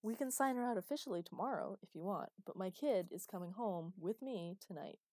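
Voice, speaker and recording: A woman's voice: lowish voice, moderate pace, mellow, no echo, studio quality, close to an everyday voice. A woman voicing a protective father who talks urgently and insistently. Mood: insistent, angry. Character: protective father, worried then furious.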